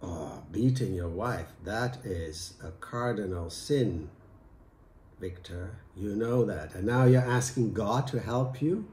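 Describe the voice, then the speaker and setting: Storyteller doing a preachy old priest, hushed and low, warm, echoey. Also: male voice, slow, slight background noise. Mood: solemn. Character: sly, sanctimonious old village priest. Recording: echoey room.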